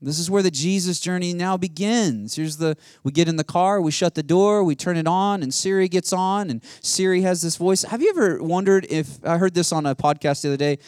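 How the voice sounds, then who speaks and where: A man preaching with a voice pitched a little higher than most men. He keeps rousing the congregation with rhetorical questions and call-outs. The recording is dry, with little room sound. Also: fairly quick, few pauses, a little mellow, no room sound. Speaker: pastor. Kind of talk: sermon.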